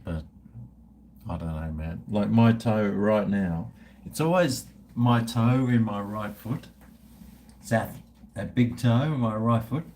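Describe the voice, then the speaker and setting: A man's voice: fairly low pitch, slow, darkish tone, slight background noise. A man, chatting casually and profanely with his livestream viewers in a rambling way. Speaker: livestream host.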